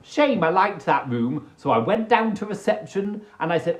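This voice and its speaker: A man hosting a casual livestream, telling stories in an animated, theatrical way on a phone microphone. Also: high-pitched, moderate pace, hardly any pauses. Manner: animated, theatrical storytelling with put-on voices. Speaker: livestream host.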